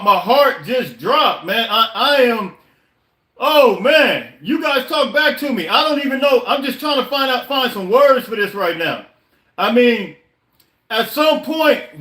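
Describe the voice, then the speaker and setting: A podcast host with an extremely high-pitched, sharp voice vents his frustration during a live podcast stream, speaking casually and repetitively with many stammered restarts. The sound is reverberant.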